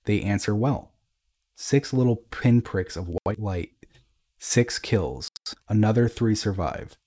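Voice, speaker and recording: A man reading a dramatic first-person story in a grave, measured way. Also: fairly low pitch, dark tone.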